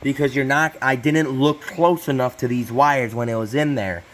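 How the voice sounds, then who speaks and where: A man's voice: mid-range voice, fairly even intonation, moderate pace, fairly bright tone, slight background noise. A young man hosting a casual repair vlog in a hot garage, rambling and self-interrupting with apologetic asides. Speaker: channel host.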